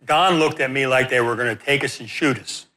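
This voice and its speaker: Man preaching, animated storyteller, pokes fun at himself, sharp bright tone. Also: mid-range voice, brisk. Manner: animated, self-deprecating storyteller. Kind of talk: sermon storytelling.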